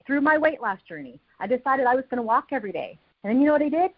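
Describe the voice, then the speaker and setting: A woman's voice: high voice, very fast. Woman, motivational speaker, repetitive punchy delivery, dull video-call audio. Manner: energetic, repeats phrases for emphasis. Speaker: guest speaker on a team call. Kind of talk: motivational talk.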